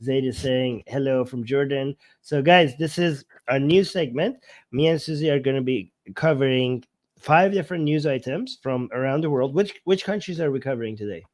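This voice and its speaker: A man's voice: medium pitch, normal speed, darkish tone. A man co-hosting a casual livestream chat while sick, his voice strained and worn, laughing often and pleading with viewers. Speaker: co-host.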